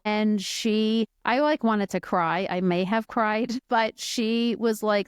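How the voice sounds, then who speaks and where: A woman's voice: fairly high pitch, slow pace, few pauses, clean tone, no room sound, clean studio sound. A middle-aged woman hosting a podcast, telling her personal story in a candid, chatty way full of fillers and asides. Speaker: podcast host.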